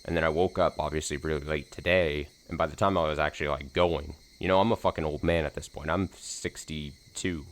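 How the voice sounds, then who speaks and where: A man with a very low voice opens his let's play stream in a slightly hoarse, casual ramble. He talks in a loose, self-deprecating way and fills gaps with ums and likes. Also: fairly even intonation, quick pace, hardly any pauses, a little hiss or hum. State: slightly hoarse from screaming the night before. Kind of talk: casual stream chat before reading a visual novel.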